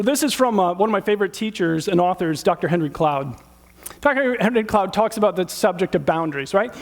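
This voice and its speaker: Middle-aged male pastor, higher-pitched, conversational animated sermon delivery with rhetorical questions.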